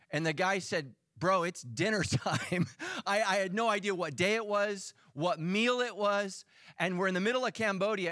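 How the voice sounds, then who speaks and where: A middle-aged man, a lead pastor, preaching a sermon in a joking, animated, self-mocking way. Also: on the high side, dry recording, clean studio sound. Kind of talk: sermon with storytelling.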